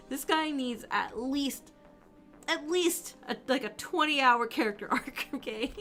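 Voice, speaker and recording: Giggly high-voiced woman streamer. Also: a little slow, soft background music. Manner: excitable, giggly, talks to characters. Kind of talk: casual gameplay commentary.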